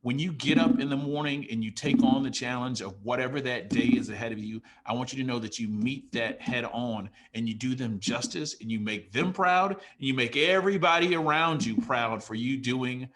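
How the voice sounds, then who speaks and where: A man's voice: mid-range voice, normal speed, few pauses, a bit bright. A man hosting a student poetry event, emotional and encouraging as he speaks to the performers. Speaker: host.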